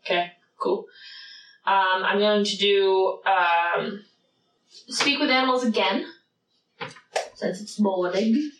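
Woman player, mid-pitch, distant mic, noisy room. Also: slow pace, pauses often, a bit bright, reverberant. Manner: hesitant, restarts, casual. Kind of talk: tabletop role-play chat.

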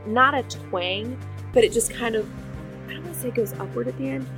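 A woman's voice: on the high side, fairly quick, music in the background. A woman on a tabletop game podcast, chatting casually in a rambling, hesitant way that keeps correcting itself. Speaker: podcast player.

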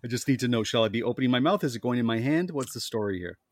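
Playful man with quick comebacks. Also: medium pitch, animated, dry recording, clean studio sound. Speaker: podcast co-host. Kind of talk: casual chat.

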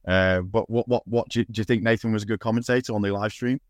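Rambling man with a low voice. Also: steady tone, quick pace, no room sound, clean studio sound. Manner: rambling, many restarts and fillers, swears. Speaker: podcast host. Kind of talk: casual chat.

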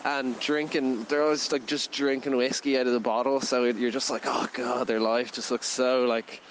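A man's voice: medium pitch, level tone, moderate pace, a little hiss or hum, rough recording. A man, co-hosting a casual film review podcast and rambling through his thoughts with lots of fillers. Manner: rambling, full of "like" fillers, laughs often.

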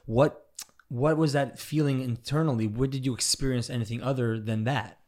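A man hosting an interview, chatty and loose, with lots of fillers and quick agreements. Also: mid-range voice, fairly even intonation, darkish tone. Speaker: host, interviewer. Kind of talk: casual interview chat.

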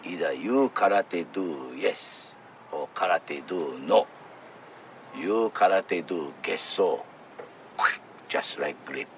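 A man speaking in slow, broken English, heard in a clip played from a film. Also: low voice, expressive, far from the mic, a little hiss or hum, poor audio.

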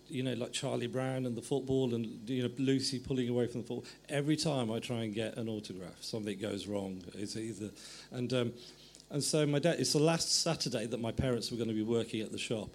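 Meandering middle-aged male author, mid-pitched. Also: gravelly, a little hiss or hum. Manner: meandering, self-correcting storytelling. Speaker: author guest. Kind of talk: anecdotal conversation.

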